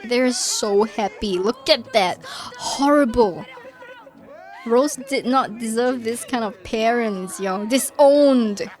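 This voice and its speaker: A woman's voice: fairly high pitch, slow, a little mellow. A woman streaming a co-op game, dramatic and joking as she talks to her chat. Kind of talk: casual gaming chat.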